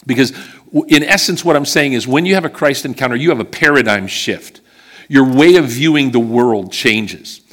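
A man's voice: medium pitch, normal speed, a bit bright. A middle-aged man from western Pennsylvania preaching a sermon, telling a personal story in a chatty way and checking in with the congregation as he goes.

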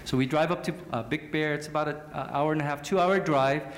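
A man preaching a sermon in a lively, joking way, poking fun at himself as he tells stories. His voice sits a bit high for a man. The room adds an echo, with faint ambient noise behind him. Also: fairly quick. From Southern California. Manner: animated storyteller, jokey and self-mocking. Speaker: pastor.

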